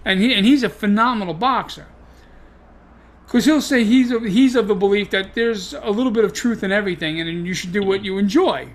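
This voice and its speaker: A man's voice: high voice, brisk. A man who teaches Kung Fu, hosting a casual chat and telling stories with lots of swearing and laughter. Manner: swearing, animated storyteller who laughs often. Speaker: podcast host and Kung Fu teacher.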